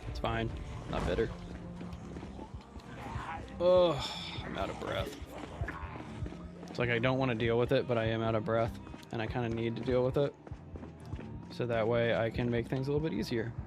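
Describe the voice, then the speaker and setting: A man's voice: mid-range voice, fairly even intonation, fast talker, over music. Chatty male game streamer. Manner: chatty, talks to chat while playing. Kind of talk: casual live gameplay commentary.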